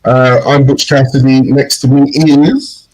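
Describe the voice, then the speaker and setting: A man's voice: medium pitch, fairly even intonation, unhurried, a little mellow, poor audio. A man co-hosting a podcast in casual chat, telling stories animatedly and mimicking slang phrases. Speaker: podcast co-host.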